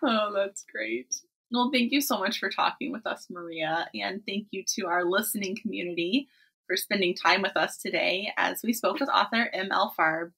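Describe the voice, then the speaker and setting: Bright, husky-voiced woman podcast host. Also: mid-range voice, normal speed, low-quality recording. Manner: enthusiastic, laughs often. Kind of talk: casual interview chat.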